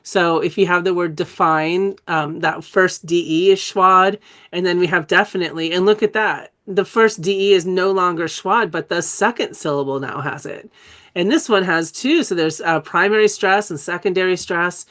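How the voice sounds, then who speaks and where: A woman's voice: lowish voice, moderate pace, a bit bright. A middle-aged woman, a dyslexia educator, giving a live teaching webinar in a chatty way, correcting herself often and laughing at her own slips.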